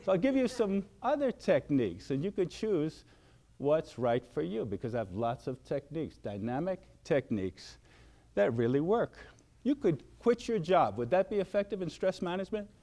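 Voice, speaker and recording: An older man giving a motivational wellness talk, animated and acting out shouted outbursts. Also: on the high side, normal speed. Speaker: wellness speaker.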